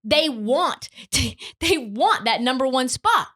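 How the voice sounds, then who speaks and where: A woman's voice: high voice, animated, slow, fairly bright tone. A young woman hosting a sports podcast, ranting in an emphatic, profane, opinionated way. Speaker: podcast host.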